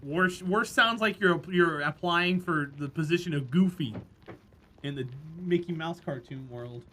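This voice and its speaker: High-voiced man chatting on stream. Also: unhurried, bright, forceful tone, slight background noise. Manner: rambling, chatty, laughs easily. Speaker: game streamer. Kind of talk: casual live-stream chat while gaming.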